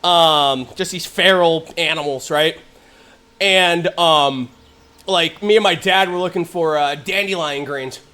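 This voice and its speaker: A young man streaming live, telling funny family stories in casual chat. He is animated, laughs a lot and swears freely. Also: on the high side, measured pace. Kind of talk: casual storytelling while gaming.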